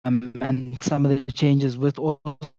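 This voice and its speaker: A man speaking as a panelist over a poor video call connection, halting and hesitant with fillers. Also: medium pitch, level tone, dark tone, no room sound. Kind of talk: panel discussion. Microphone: video call with bad connection. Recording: dull, dry lo-fi call audio.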